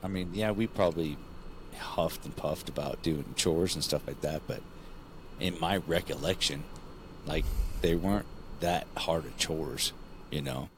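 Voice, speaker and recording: A man's voice: very deep voice, unhurried, a little hiss or hum. A man co-hosting a podcast in casual chat, chiming in with short joking quips. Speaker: podcast co-host.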